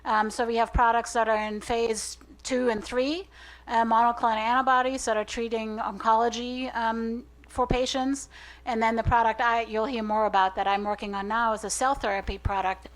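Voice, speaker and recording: A woman's voice: fairly high pitch, level tone, moderate pace, low-quality recording. A woman giving upbeat panel remarks at a business forum, with frequent fillers. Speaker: pharmaceutical company panel speaker.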